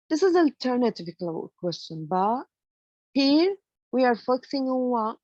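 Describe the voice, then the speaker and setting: A woman's voice: on the high side, expressive, normal speed, a little mellow, no room sound, dull audio. Woman teaching English grammar. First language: Arabic. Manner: explains in English mixed with Arabic, many fillers. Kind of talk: online lecture.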